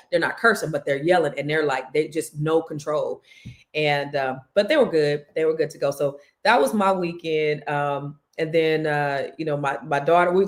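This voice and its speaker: A middle-aged woman, a podcast host telling a family story in a casual, animated way. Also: lowish voice. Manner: animated, chatty, with lots of restarts.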